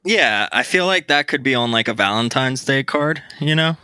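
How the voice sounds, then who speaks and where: A man hosting a podcast, chatting in an upbeat, giggly, excitable way over a remote recording. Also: medium pitch, moderate pace, clean tone, dry recording. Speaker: podcast host. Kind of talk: casual chat.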